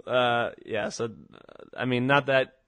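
A man's voice: medium pitch, fairly even intonation, a little slow, fairly bright tone, clear, resonant tone, no room sound. A young man reminiscing with old friends on a podcast, rambling through his stories with lots of fillers and restarts. His voice sits mid-range, and the recording is dry and close. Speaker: podcast host. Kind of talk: casual chat.

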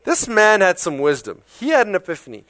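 A man with a South African accent preaching a sermon in a conversational, animated way, full of rhetorical questions. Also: high voice, a little fast, no echo. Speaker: pastor.

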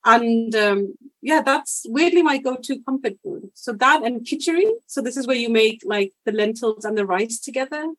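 A woman's voice: fairly high pitch, normal speed, few pauses, no echo, rough recording. A woman born in India talking as a podcast guest in casual interview conversation, reflective and full of fillers and restarts, laughing often.

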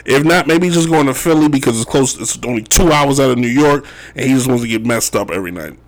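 A man's voice: medium pitch, fast. Rambling, joking male sports talk host. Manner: rambling, joking, says "if you will" often. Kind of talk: casual sports commentary. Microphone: wearing Chicago sports gear.

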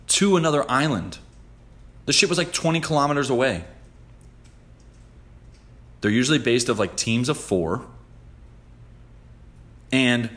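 A man hosting a podcast in casual chat, talking in a profane, rambling, excitable way. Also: mid-range voice. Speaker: podcast host.

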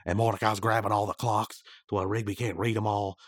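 Husky, sarcastic man recapping. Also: on the low side, little pitch movement, fairly quick, dry recording, studio quality. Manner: sarcastic, teasing. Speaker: podcast co-host. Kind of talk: casual episode recap chat.

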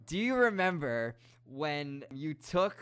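A man's voice: fairly high pitch, very animated, takes it slowly, a bit bright, clear, resonant tone. A young man hosting a casual chat, encouraging his guest with prompting questions. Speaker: host.

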